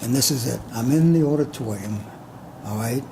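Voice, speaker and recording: An older man in boxing promotion tells a rambling story in an interview, tagging his points with "all right?" His voice sits in a middle register with a gravelly fry, over a faint background hiss. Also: medium pitch, moderate pace, mellow, rough recording.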